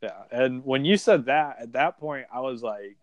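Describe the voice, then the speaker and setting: A man's voice: medium pitch, lively intonation, moderate pace, no room sound, lo-fi sound. A man, a former contestant, telling a rambling story in a casual interview, filling his speech with "like" and acting out what people said. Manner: rambling, fills speech with "like", acts out quoted dialogue.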